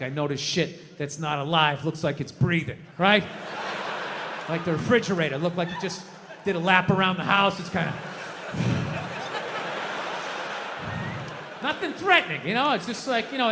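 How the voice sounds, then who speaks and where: A man's voice: high voice, bright, forceful tone. A man in his fifties doing stand-up comedy on a live stage, telling stories in a profane, ranting way. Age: 50s. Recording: echoey hall with faint noise.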